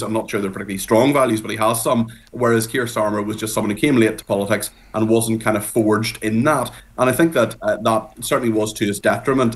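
Fast-talking, blunt male political commentator. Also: fairly low pitch. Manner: blunt, opinionated, talks in rapid bursts. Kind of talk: political discussion on radio.

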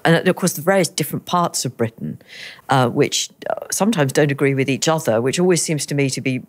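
A woman's voice: deep voice, brisk. A woman with a Liverpool accent interviewing a guest, chatty and asking leading questions. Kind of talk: conversational interview.

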